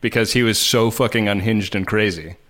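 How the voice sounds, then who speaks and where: Male co-host, lowish voice, loose chatty storyteller, filler-heavy. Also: steady tone, fairly quick, fairly bright tone. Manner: rambling storyteller, many fillers and laughs. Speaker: podcast co-host. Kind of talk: casual chat.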